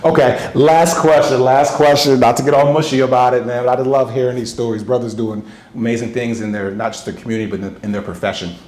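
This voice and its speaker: A man's voice: medium pitch, fairly even intonation, quick pace, few pauses, darkish tone. Hyped male host in a roomy space. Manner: enthusiastic, hyping, laughs often. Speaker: interview host. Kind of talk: interview conversation.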